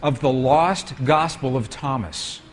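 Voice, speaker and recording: A man's voice: mid-range voice, slow pace. A man giving a storytelling lecture with slides to an audience, asking them questions as he goes.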